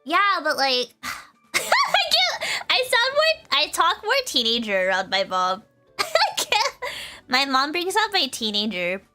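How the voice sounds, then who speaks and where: Bright, lively young woman streamer with a giggly, animated voice. Faint music plays behind her. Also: high voice, unhurried. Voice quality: giggly, bubbly. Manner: animated, playful, often breaking into laughter. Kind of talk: casual chat reading viewer comments.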